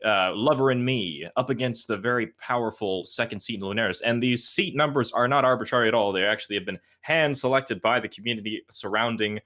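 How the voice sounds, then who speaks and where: Male caster, mid-pitched, jokey play-by-play banter. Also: a little fast, hardly any pauses, sharp tone. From Canada, Toronto. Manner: playful, joking. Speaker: esports caster. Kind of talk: esports match commentary.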